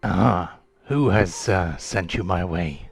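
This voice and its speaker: Man doing a gruff shadow-elf emissary. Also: slow pace, faint music behind, full character voice. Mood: formal. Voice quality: gruff low growl. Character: solemn Shadokai elf emissary of a death goddess.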